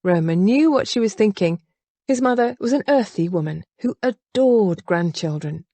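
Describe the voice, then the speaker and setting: A woman narrating an audiobook in an expressive, varied way. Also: medium pitch, moderate pace, no echo. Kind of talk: scripted narration.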